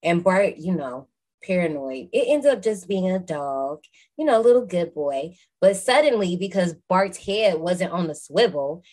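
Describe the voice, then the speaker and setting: A woman hosting a podcast, recapping a movie in a lively, slangy, casual way with some swearing. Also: on the low side, normal speed. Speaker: podcast host.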